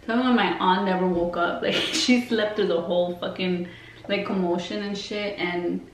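At normal speed and with fairly even intonation, a beauty vlogger with a fairly low voice rambles through a casual story. It's heavily profane and full of fillers, recorded on a distant mic in a roomy space with faint noise.

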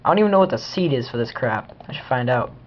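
A teenage boy gives loose, goofy gameplay commentary, rambling on and talking to himself. His voice sits at an ordinary middle pitch for a guy. The lo-fi home recording sounds dull, with faint typing in the background. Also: lively intonation, quick pace, a little hiss or hum. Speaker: gamer.

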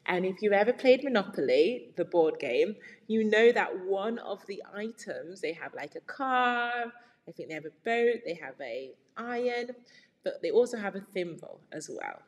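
A woman's voice: mid-range voice, animated, normal speed, lo-fi sound. A woman reading a storybook aloud for children, explaining words and asking them questions. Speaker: read-aloud teacher. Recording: long reverb.

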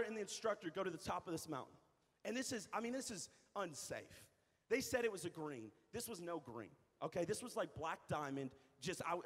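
A young adult man, a youth pastor, telling a story in a sermon, animated and repeating phrases for emphasis. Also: high voice. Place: church hall. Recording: reverberant church hall.

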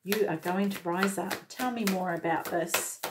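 A woman with a lowish voice gives a casual, effusive tarot reading at a moderate pace, speaking directly to the viewer with real enthusiasm. There's noise in the background.

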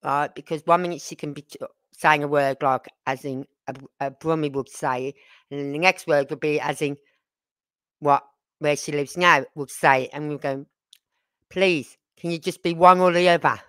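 On a dry recording, an older livestream host speaks at a moderate pace in a deep, steady voice with a fairly bright tone. She rambles casually through family stories, throwing in asides and tag questions aimed right at her viewers.

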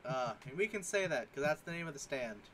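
A man with a bright, forceful tone and a slightly raised pitch reads internet memes aloud in casual commentary. He talks jokingly and slips into silly mock voices for the captions. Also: expressive, quick pace, slight background noise. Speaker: co-host reading memes.

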